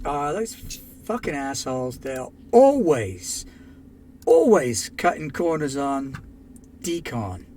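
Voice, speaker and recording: A man voicing a gruff, put-upon middle-aged male mining security chief who swears freely. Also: medium pitch, big pitch swings, slow, dark tone. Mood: scornful.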